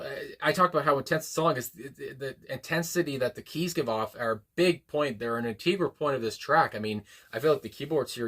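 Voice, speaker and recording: A man's voice: mid-range voice, bright, forceful tone. A man hosting a music reaction video, talking casually about a song with lots of fillers and restarts, reading the lyrics aloud and commenting on them. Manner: rambling, many fillers and restarts. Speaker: music reaction channel host.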